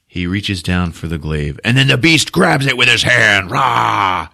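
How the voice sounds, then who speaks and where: A man hosting a podcast, recapping a movie with lots of swearing and laughter, jumping into loud shouted character voices. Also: fairly low pitch, big pitch swings, normal speed, creaky. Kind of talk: animated comedic movie recap.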